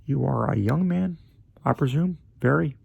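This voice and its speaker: A man's voice: mid-range voice, expressive, moderate pace, creaky, a little mellow, husky, dry recording, lo-fi sound, voice pushed up, heavily acted. Man putting on a fawning, wheedling editor. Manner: wheedling, hesitant, drops to a whisper. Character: fawning, evasive male magazine editor. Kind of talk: dramatic reading of a classic story.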